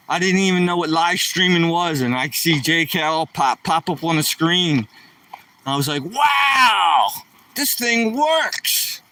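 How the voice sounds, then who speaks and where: A man's voice: fairly high pitch, fairly bright tone, far from the mic, poor audio. A man live streaming while walking outdoors, chatting nonstop in a hyper, joking way with viewers. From East Coast of the United States. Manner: hyper, talkative, jokey. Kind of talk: casual live-stream chat.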